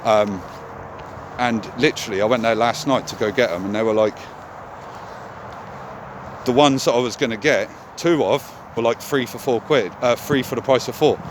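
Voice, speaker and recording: A man's voice: medium pitch, normal speed, background noise. A man vlogging in a candid, casual monologue, swearing often as he talks.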